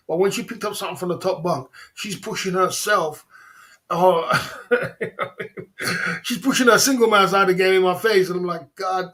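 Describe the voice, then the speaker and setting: A man hosting a casual livestream, telling stories in a chatty way, laughing often and giving shout-outs to viewers. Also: on the high side. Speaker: livestream host.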